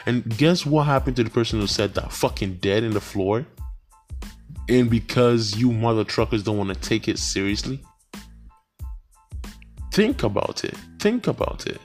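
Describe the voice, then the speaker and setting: A man's voice: mid-range voice, animated, normal speed, long pauses, a little mellow, soft background music. Brief: young guy, profane rambling rant, medium voice. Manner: heated, profane, slangy, rambling. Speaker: vlogger.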